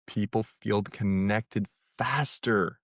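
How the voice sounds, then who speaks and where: A man's voice: on the low side, takes it slowly, a bit bright, no room sound, studio quality. A man hosting a dating-advice podcast, talking in a casual coaching tone, asking "right?" again and again and hyping up his listeners. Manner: hypes listeners, asks "right?" constantly; acts out sample lines in a livelier voice.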